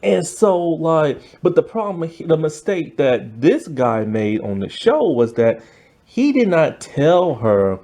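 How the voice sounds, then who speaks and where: A man's voice: on the high side, slow. A man giving a casual, rambling review of a show, full of fillers and asides. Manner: rambling and animated, many fillers.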